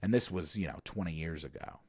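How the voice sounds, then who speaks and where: In a casual show, a Southern American man in his thirties meanders through listener questions with plenty of fillers and restarts. His low voice is brisk, a little mellow with a breathy edge, captured in clean, echo-free studio sound.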